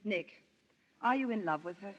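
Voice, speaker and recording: An actress playing Ellen, a playful, teasing wife, in a 1940s radio drama. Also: female voice, mid-range voice, lively intonation, muffled recording, close to an everyday voice. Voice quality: playful, teasing, quick laughter. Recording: old radio broadcast with long reverb.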